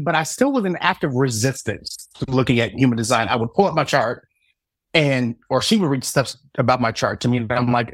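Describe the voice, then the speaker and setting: A man's voice: medium pitch, big pitch swings, normal speed, dry recording, studio quality. A man in his thirties from Southern Indiana, a guest telling his story as a psychic reader, acting out the dialogue with self-mocking humor. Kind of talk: storytelling in casual interview.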